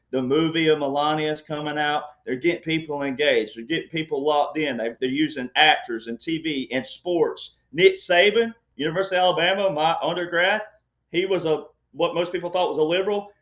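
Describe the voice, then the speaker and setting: A man's voice: fairly high pitch, normal speed, fairly bright tone. A man speaking as a panel guest in conversational political commentary, rambling and insistent, often checking in with "all right".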